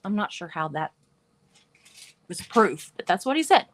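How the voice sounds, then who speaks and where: A woman's voice: lowish voice, very animated, measured pace. A woman hosting a livestream, reading passages aloud and adding wry asides between them. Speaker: livestream show host.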